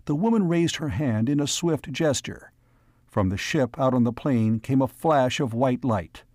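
A man narrating a classic science fiction audiobook in a measured storytelling voice. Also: medium pitch, lively intonation, darkish tone, no echo, studio quality. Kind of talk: scripted narration.

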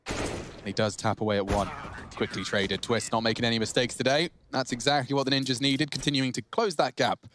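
A man commentating live esports play-by-play, chatty and excitable, lifting his voice on big plays. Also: medium pitch, fairly quick. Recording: clear background clicking noise.

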